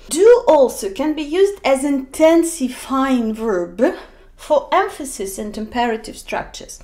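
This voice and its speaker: High, lively woman teaching slowly. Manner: slow and deliberate, acting out example sentences with emphasis. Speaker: English teacher. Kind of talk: explanatory video lesson.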